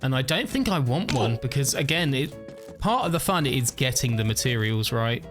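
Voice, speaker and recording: A man's voice: medium pitch, animated, moderate pace, a bit bright, soft background music. A tired man giving casual, upbeat gameplay commentary, thinking aloud and laughing often. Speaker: gaming video creator.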